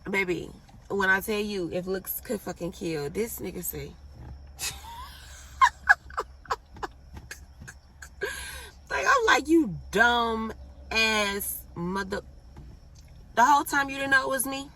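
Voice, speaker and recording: A young woman with a bright, forceful voice tells a storytime straight to the camera, blunt, profane and animated. She sits a little back from the mic, so her voice sounds slightly distant. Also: mid-range voice, brisk. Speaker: vlogger. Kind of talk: casual storytime.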